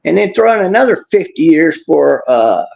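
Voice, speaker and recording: A man's voice: fairly high pitch, very animated, normal speed, creaky, a little mellow, lo-fi sound. A man hosting a political livestream, talking bluntly and angrily, swearing and answering chat comments. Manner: blunt, angry, swears, talks back to chat. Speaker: livestream host reading chat. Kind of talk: casual political livestream rant.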